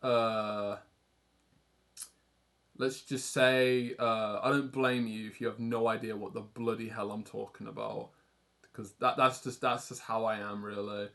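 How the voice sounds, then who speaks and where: A man's voice: on the low side, flat delivery, unhurried, creaky, a bit bright. Rambling young Englishman chatting while drawing. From England. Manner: rambling, self-deprecating, casually swearing. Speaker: art streamer. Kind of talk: casual livestream chat while drawing.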